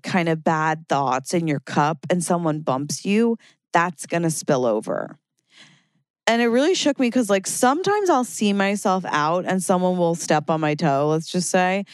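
Woman host, lower voice, chatty and playful solo chat with voiced-out asides, dry close sound. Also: no echo. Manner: chatty and playful, acts out her own thoughts in voices. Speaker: podcast host. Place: lives in a big city.

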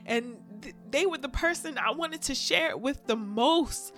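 A woman's voice: fairly high pitch, a little fast, faint music behind. A young woman hosting a podcast, talking candidly and with feeling, often breaking into laughter. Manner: candid, animated, laughs often, speaks of faith. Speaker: podcast host. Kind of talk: casual heartfelt chat.

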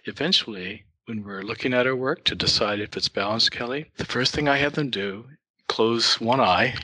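A man's voice: fairly low pitch, sharp tone, husky, dry recording, rough recording. A man who teaches art, a guest in an interview, patiently explaining ideas through worked examples.

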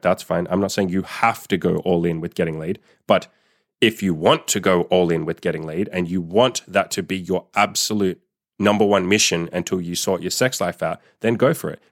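Blunt, profane man with a low voice. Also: dry recording, clean studio sound. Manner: acts out quoted dialogue in a higher mocking voice. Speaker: dating coach. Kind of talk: solo podcast monologue.

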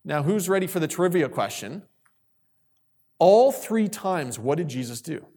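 A man preaches to a group of young people, his voice sitting a little high. He repeats key lines for weight and calls on listeners with questions. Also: big pitch swings, a little slow, dark tone. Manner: repeats key phrases for emphasis. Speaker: youth speaker. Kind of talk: sermon.

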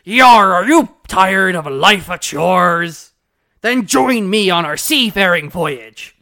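A podcaster putting on a loud growling pirate captain. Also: mid-range voice, expressive, slow, pitched above the performer's own voice, exaggerated voice. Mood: boastful. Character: gruff scheming pirate sea captain, male. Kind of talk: podcast recap acting out a cartoon.

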